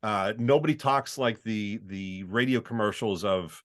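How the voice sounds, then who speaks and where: A man's voice: fairly low pitch, measured pace. A middle-aged man from Canada, a voiceover artist chatting casually as a podcast guest, often acting out the voices he describes.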